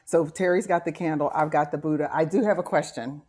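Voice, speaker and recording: A woman's voice: sits low, fairly even intonation, brisk, darkish tone. A woman on a video call, chatting effusively and with enthusiasm in casual conversation. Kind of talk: casual chat.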